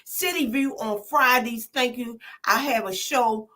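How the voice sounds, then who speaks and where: Older woman, high and animated. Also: a little slow. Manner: lively, emotional thank-yous with Black American vernacular. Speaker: comedian and community organizer, guest. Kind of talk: casual talk-show chat.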